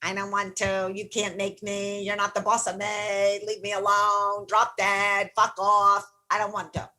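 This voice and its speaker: A woman's voice: mid-range voice, completely flat delivery, unhurried, bright, forceful tone. A woman doing a sulky, defiant inner brat. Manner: whiny, petulant refusals.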